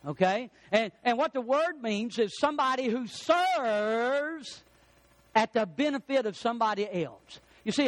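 A man's voice: high-pitched, dry recording. A man preaching a sermon, emphatic, drawing out the words he stresses.

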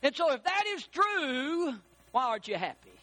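A man preaching a sermon as pastor, animated and rising to shouts for emphasis. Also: very high voice, moderate pace.

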